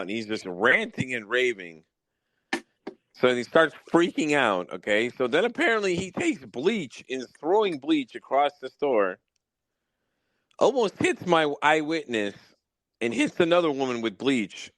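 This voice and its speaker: A man hosting a podcast, telling wild work stories in a casual, profane, animated way. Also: medium pitch, unhurried, no echo, rough recording. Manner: profane, animated storytelling with mock exasperation. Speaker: podcast host. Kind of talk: casual storytelling chat.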